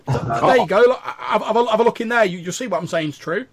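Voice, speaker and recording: A man voicing a frightened male drug runner in a tabletop game, stammering and pleading in rushed bursts. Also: on the high side, steady tone, creaky, fairly bright tone, voice pushed up.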